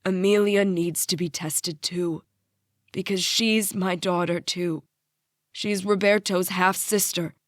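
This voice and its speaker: A woman's voice: fairly low pitch, steady tone, slow pace, no echo, clean studio sound. A woman reading the part of a guilt-ridden father who speaks apologetically, his voice breaking. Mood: desperate.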